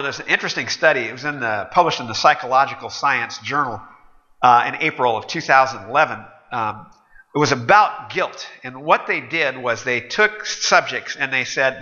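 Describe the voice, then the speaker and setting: A man's voice: fairly high pitch, sharp tone. A man preaching a sermon in a conversational, wry and sardonic way. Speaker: pastor. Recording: dull echoey hall recording.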